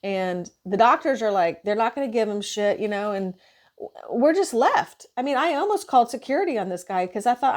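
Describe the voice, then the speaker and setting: A woman's voice: a little high, brisk. A woman nurse venting in a casual monologue, frustrated and swearing as she retells her shift. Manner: frustrated, profane, animated retelling.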